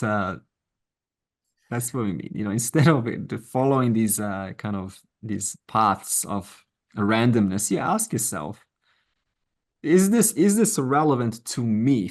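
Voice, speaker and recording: A middle-aged man teaching a Vedanta class online, speaking conversationally and encouragingly, with asides and quoted voices. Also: on the low side. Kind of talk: informal lecture to an online class.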